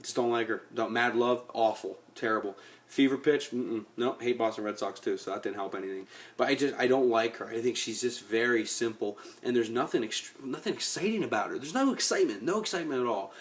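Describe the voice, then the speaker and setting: A male vlogger speaks a little fast in a mid-range voice, casually ranting to his webcam about actors he dislikes. He's blunt and rambling and often repeats himself in this opinion rant.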